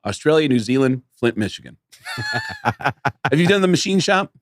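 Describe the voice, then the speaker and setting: A man's voice: fairly high pitch, moderate pace, a little hiss or hum. A male comedian hosting a podcast, telling stories casually and acting out voices. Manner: animated, acts out voices in stories. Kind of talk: casual storytelling chat.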